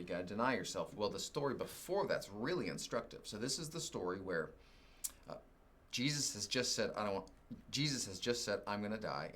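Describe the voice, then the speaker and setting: A man with a fairly low, grounded voice delivers a sermon as a story. He is animated, and his voice leaps sharply upward when he is exasperated before settling back down. He sounds middle-aged and folksy. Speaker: preacher.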